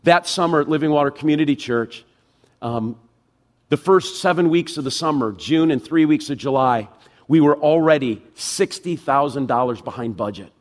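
A middle-aged man preaching a sermon as pastor, emphatic, acting out inner thoughts and dropping low and quiet for the Spirit's words. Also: moderate pace.

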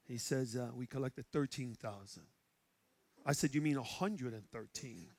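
A male pastor from Chicago with a Chicago accent, preaching and telling stories, going from loud shouts to hushed quiet. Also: mid-range voice, moderate pace. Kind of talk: sermon. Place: church sanctuary.

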